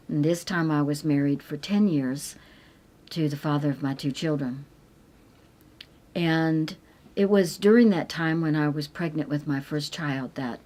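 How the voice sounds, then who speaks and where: A middle-aged woman sharing a personal faith testimony, earnest and tender, and sometimes dropping to a soft whisper. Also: low voice. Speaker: Christian speaker sharing her testimony.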